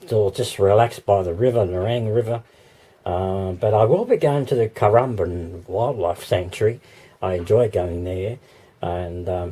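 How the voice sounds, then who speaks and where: Hoarse Australian man chatting. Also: lowish voice, dark tone. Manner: rambling, with many ums and little laughs. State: hoarse, losing his voice. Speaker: vlogger. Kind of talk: casual vlog chat. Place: walking outdoors. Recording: outdoor background noise.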